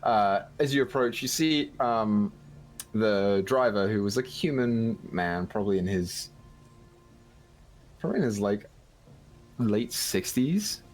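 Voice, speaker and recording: A man's voice: on the low side, animated, unhurried, long pauses, faint music behind. A man narrating as game master in a tabletop game, loose and casual, with many fillers.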